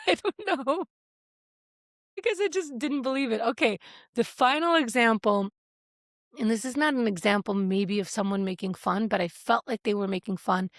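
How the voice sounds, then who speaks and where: Candid fifty-year-old woman with a gravelly edge. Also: mid-range voice, no echo, studio quality. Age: 50s. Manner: candid, wry, hesitant with many fillers. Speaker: vlogger. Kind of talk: reflective personal storytelling.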